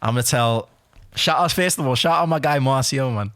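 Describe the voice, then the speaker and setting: Give me a young man, animated and laughing, on a dry close mic. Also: mid-range voice, a little fast, smooth, no room sound. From Liverpool, England. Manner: animated, laughs often while telling a story. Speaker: podcast co-host. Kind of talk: casual chat, storytelling.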